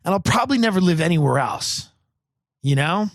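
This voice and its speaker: A man's voice: high voice, a little fast, dry recording, studio quality. A man, a comedian riffing through a rambling, sardonic podcast monologue. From Long Island, US. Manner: rambling, sardonic, deadpan absurd.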